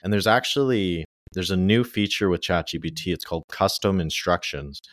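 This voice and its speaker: A young man with a low voice explains his working methods in an easygoing, loosely phrased way. His sound is dry and close, with no room echo. The tone is casual interview talk. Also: normal speed. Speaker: ghostwriter guest.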